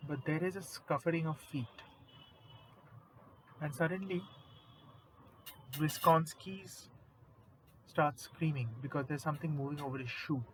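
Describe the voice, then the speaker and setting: Slow animated man retelling a story. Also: on the high side, a little hiss or hum, poor audio. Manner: animated, conversational, swears casually. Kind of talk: casual retelling of a horror story.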